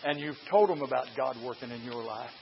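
A preacher, delivering a fiery revival sermon, folksy and hollering in bursts, sometimes out of breath. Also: male voice, mid-range voice, brisk, gravelly. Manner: shouts and hollers in bursts, folksy, runs laps while preaching. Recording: dull lo-fi recording with faint hiss.

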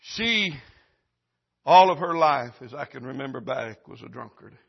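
Male preacher mid-sermon in church; swings from loud and urgent to hushed and slow; raspy, lo-fi sound. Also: medium pitch, animated. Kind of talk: revival sermon. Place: church service.

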